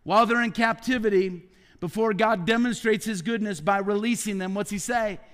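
Man in his forties, pastor; earnest sermon with hushed emphasis, ringing church reverb. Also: high-pitched, fairly even intonation, moderate pace, clear, resonant tone. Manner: heartfelt, drops to soft hushed tones for emphasis. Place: church sanctuary.

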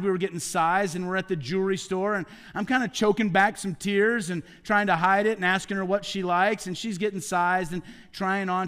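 A man in his forties preaching a heartfelt sermon, often dropping to soft, hushed tones for emphasis. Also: high voice, smooth, long reverb tail. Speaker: pastor. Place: church sanctuary.

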